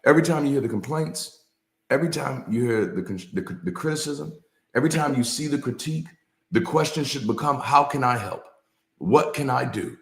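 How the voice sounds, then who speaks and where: A former pastor talks through a motivational session in a loose, preachy rhythm, hammering phrases by repeating them. He mixes slang and cursing into the talk at a mid-range pitch. The room gives his voice a noticeable echo. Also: a little fast, vocal fry. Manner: casual, with slang and swearing. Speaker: ex-pastor and co-host. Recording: echoey room.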